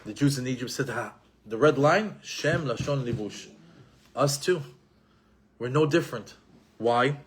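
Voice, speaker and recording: A middle-aged man giving an animated Torah lesson, repeating himself and mixing in Hebrew terms. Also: mid-range voice, measured pace, pauses often, husky. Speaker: Torah teacher.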